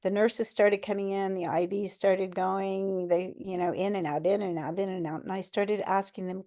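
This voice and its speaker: A woman's voice: mid-range voice, fairly even intonation, moderate pace, hardly any pauses, warm tone. A middle-aged woman telling her own cancer story in a candid, conversational way, with small laughs along the way. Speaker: cancer survivor speaker. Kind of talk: personal storytelling talk.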